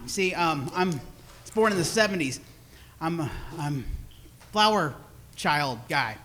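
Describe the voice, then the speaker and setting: Man, 40s, stand-up comedian, high ringing voice, self-deprecating, rambling storytelling, club stage. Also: lively intonation, moderate pace, fairly bright tone, a little hiss or hum. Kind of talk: stand-up set. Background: audience laughter.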